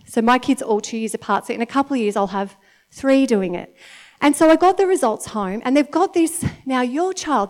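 A woman in her thirties with an Australian accent, giving a chatty, animated sermon to a congregation and often laughing. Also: a little high. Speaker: church speaker. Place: church meeting in front of an audience.

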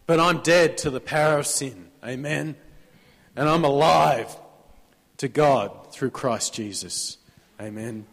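A man's voice: medium pitch, takes it slowly, a bit bright, in a large hall. A man with an Australian accent preaching a sermon in a church, talking conversationally, prompting the congregation to answer amen, with a sore throat. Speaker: pastor.

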